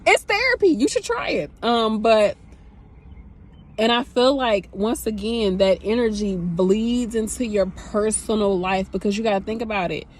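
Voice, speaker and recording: A woman's voice: mid-range voice, measured pace, darkish tone. Candid woman talking to her phone. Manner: candid, rambling, emotional. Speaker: nurse vlogger. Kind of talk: casual talk to camera.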